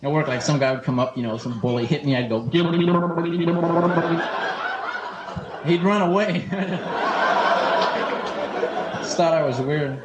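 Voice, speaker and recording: A man's voice: mid-range voice, moderate pace, long pauses, reverberant, lo-fi sound, very noisy. A man performing a stand-up comedy set, joking and stumbling over his restarts. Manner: joking, acts out characters, stammers on restarts. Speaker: stand-up comic. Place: comedy club stage with live audience. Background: audience laughter.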